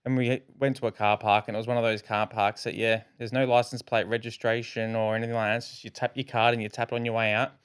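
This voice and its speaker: A man's voice: medium pitch, quick pace, few pauses, clear, resonant tone, no room sound, studio quality. Swearing Australian man telling a story. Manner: animated, heavy swearing, acts out his own quotes. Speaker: podcast co-host. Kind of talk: casual podcast storytelling. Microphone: podcast microphone.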